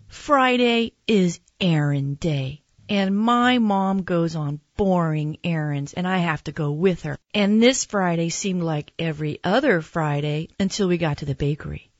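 A woman reading a children's picture book aloud in a gentle, expressive storytelling manner. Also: fairly low pitch, no echo, muffled recording. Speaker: narrator.

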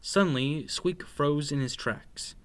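A man reading a children's picture book aloud in an expressive, playful, sing-song way. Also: a little high, unhurried. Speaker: storyteller.

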